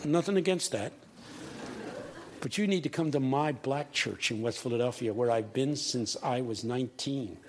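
Gravelly eighty-year-old man preaching. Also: medium pitch, moderate pace, slight background noise. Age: 80s. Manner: rising to shouted call-and-response peaks. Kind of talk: sermon with storytelling and humor. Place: large church.

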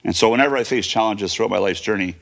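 Tell it fast, low and gravelly, like a man in his fifties reliving a childhood story. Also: fairly bright tone. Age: 50s. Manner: vivid present-tense retelling with fillers and restarts. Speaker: guest. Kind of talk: personal storytelling.

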